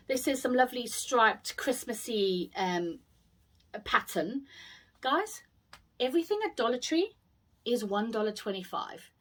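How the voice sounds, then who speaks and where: A British woman with a fairly high voice talks through her shopping haul in an easy, chatty way. She gushes over each item and keeps exclaiming how cute things are, rambling warmly from one thing to the next. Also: a little hiss or hum. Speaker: haul vlogger. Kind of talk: casual haul video chat.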